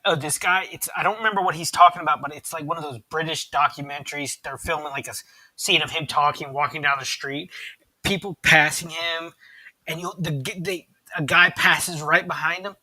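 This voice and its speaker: Husky, bright-voiced man telling stories. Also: a little high, steady tone, fairly quick, rough recording. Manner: rambling storyteller, swears freely. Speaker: podcast co-host. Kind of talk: casual chat.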